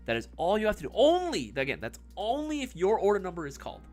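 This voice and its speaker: A man's voice: high voice, wildly swooping pitch, fast talker, a little mellow, soft background music. A man hosting a casual livestream giveaway, joking and swearing, talking back to the live chat. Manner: swears loosely; mock ASMR murmur. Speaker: livestream host.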